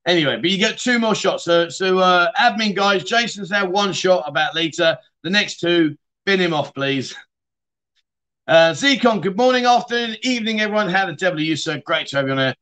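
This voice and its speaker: Middle-aged male host, bright forceful voice, a touch high, rambling chatty livestream banter. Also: expressive, moderate pace. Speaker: livestream chat show host. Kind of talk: casual livestream chat reading viewer comments.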